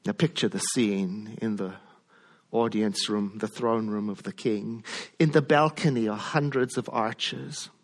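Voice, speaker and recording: A male minister preaching a sermon in an animated storytelling way, often asking his listeners questions. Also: lowish voice, measured pace.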